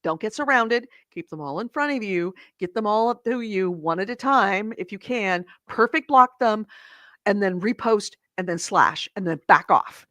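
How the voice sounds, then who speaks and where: A woman co-hosting a casual gaming podcast over a call, animated and swearing freely as she tells stories. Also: mid-range voice, normal speed, no echo, studio quality. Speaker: podcast co-host. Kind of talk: casual chat. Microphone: remote call mic with echo cancellation.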